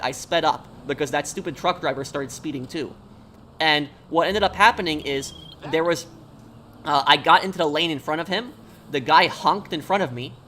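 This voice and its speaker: A man's voice: on the high side, sharp tone, slight background noise. A man chatting casually on a gaming live stream, telling rambling stories and answering viewers' questions. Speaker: game streamer.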